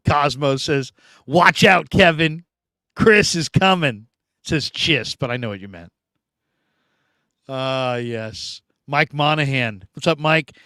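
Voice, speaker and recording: A man with a slightly high voice hosts a sports show, riffing casually as he reads viewer comments. He talks in animated bursts that drop to quiet asides. The recording is dry and close. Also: clear, resonant tone, no echo. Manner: animated, talkative, swings between loud bursts and quiet asides. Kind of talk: casual live-stream chat reading comments.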